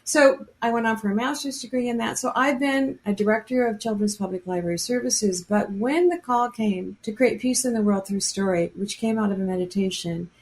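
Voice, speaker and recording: An older woman from Alaska, a guest in an interview, telling personal stories with lively, acted-out quotes and frequent laughter. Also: medium pitch, brisk, hardly any pauses. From Anchorage, Alaska, United States. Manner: animated storyteller, voices quoted people, laughs often. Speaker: guest, storyteller.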